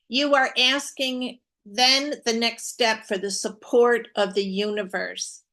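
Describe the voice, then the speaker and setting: A woman's voice: on the high side, takes it slowly, fairly bright tone. A woman co-hosting a live spiritual talk show, teaching in an earnest way with emphatic repetition. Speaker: co-host.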